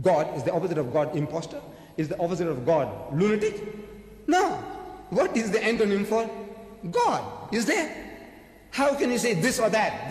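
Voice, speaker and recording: A man giving an emphatic religious lecture to an audience, asking rhetorical questions and answering them himself. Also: high-pitched. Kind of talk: sermon-style religious lecture. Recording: echoey hall recording.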